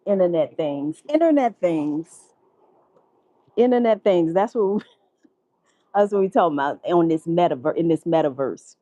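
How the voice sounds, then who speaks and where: A woman vlogger, telling a story in profane, animated casual commentary and laughing often. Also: on the low side, moderate pace, no echo, highs cut off.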